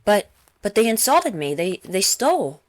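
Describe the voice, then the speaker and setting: A petty young soldier who stammers and pleads, then turns spiteful, as a woman reads him. His voice sits higher and tighter than the narration around it, and it is recorded close and dry. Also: sing-song, moderate pace, dry recording. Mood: whining.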